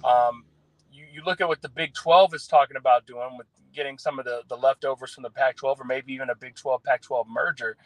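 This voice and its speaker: A man from the US South giving animated, opinionated takes as a guest on a casual sports talk show. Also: mid-range voice, fairly quick, dry recording, low-quality recording. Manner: opinionated, animated, restarts phrases.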